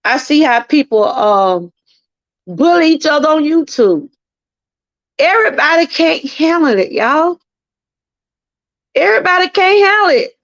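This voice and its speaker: Unhurried and animated, with long pauses, this middle-aged woman has a high-pitched, fairly bright voice and a Southern US accent. As channel host of a live-stream testimony talk, she preaches earnestly to her viewers and repeats herself. The sound is dry, a bit muffled and lo-fi, with no echo.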